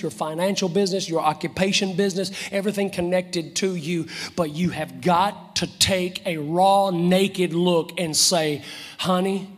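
A man's voice: high-pitched, breathy edge. A man preaching an impassioned sermon, repeating phrases and dropping to whispers. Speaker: pastor. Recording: live sermon in a reverberant church.

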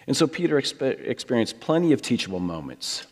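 Lively preacher, low voice, hall reverb. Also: male voice, fairly quick, few pauses, breathy edge. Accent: American. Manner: storytelling, acts out quoted voices. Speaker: pastor. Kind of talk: sermon.

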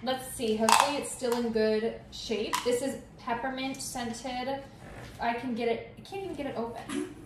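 A woman's voice: fairly high pitch, normal speed. A woman hosting a casual vlog, chatting playfully and teasing her friend. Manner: teasing, giggly, bursts of mock paparazzi shouting. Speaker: vlog host. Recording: echoey room, far from mic, noisy.

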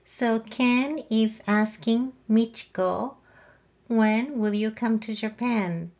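A woman teaching a language lesson, explaining grammar patiently and saying example sentences out loud. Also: fairly high pitch, takes it slowly, muffled recording. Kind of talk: slow, careful lesson explanation.

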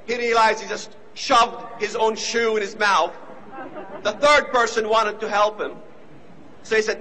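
A man giving an impassioned speech, emphatic and repetitive, now and then rising to shouts. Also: high-pitched, fairly even intonation, moderate pace, slight background noise, low-quality recording. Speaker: speaker.

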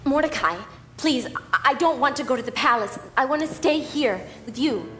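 A woman's voice: high-pitched, animated, moderate pace, a bit bright, slight background noise. An actress playing Hadassah, a frightened young woman begging her guardian not to send her away, in a musical play. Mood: pleading. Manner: pleading, anxious. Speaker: stage actor in a musical play. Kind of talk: musical theatre, spoken and sung. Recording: music underneath.

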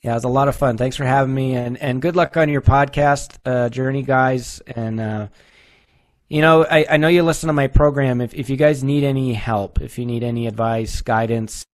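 A man's voice: mid-range voice, fairly even intonation, normal speed, dry recording. A man from New Hampshire, a guest race director on a casual podcast, talking in a blunt, joking way and swearing freely. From New Hampshire, USA.

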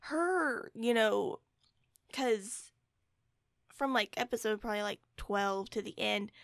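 A young woman co-hosting a casual podcast chat, speaking haltingly with many fillers. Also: medium pitch, gravelly, dry recording, clean studio sound. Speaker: podcast co-host.

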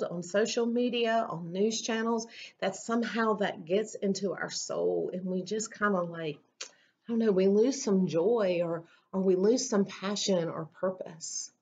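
A woman's voice: medium pitch, lo-fi sound. A woman pastor preaching a sermon in an earnest, conversational storytelling manner.

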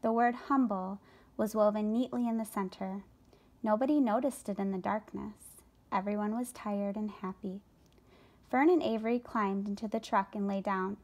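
A woman reading a children's book aloud for a school, calm and even. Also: mid-range voice, normal speed. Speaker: story reader for a school. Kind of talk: read-aloud storytelling.

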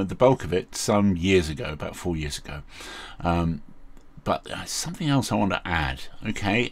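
A man hosting a casual how-to tutorial, talking in a rambling, chatty way with many fillers. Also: low-pitched. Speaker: video host.

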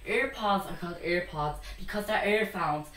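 A man's voice: high voice, expressive, moderate pace, fairly bright tone, slight background noise. A young Irish man chatting casually in a vlog, telling rambling, giggly stories from his room. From Ireland. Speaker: vlogger. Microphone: laptop mic from a distance. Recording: echoey room, far from the mic.

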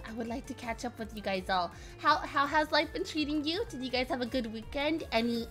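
A woman with a high, slightly bright voice chats casually with viewers on her live stream. She's still recovering from a cold, so her voice cracks now and then, but she stays bubbly and giggly while greeting people one at a time.

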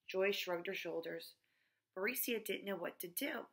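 A woman's voice: mid-range voice, normal speed. A woman reading a chapter book aloud to children, with cheerful, chatty asides between passages.

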